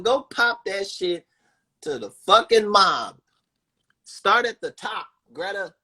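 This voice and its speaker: A man hosting a livestream, ranting in an animated, profane and sarcastic way, talking into a phone. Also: sits high, measured pace. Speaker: livestream host. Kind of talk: casual livestream rant.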